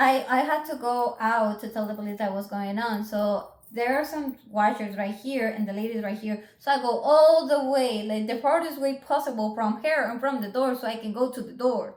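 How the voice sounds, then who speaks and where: A young adult woman telling a story in a casual, animated vlog. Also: fairly high pitch. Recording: echoey room.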